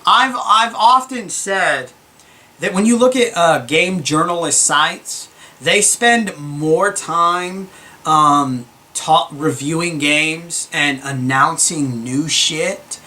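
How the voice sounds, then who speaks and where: A young man hosting his gaming channel, giving a calm, earnest opinion monologue with many fillers and restarts. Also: fairly high pitch, slow. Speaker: gaming YouTuber.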